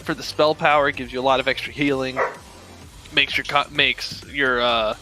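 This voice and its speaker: A man's voice: mid-range voice, steady tone, music in the background, rough recording. A man co-casting an esports match in a chatty, casual way, often restarting his sentences. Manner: chatty, self-correcting, quick laughs. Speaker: esports co-caster.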